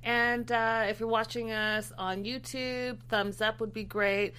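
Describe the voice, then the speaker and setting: A woman's voice: a little high, level tone, measured pace, pushed and bright, clean tone. A woman co-hosting a casual TV talk show, speaking upbeat and straight to the viewers. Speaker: co-host.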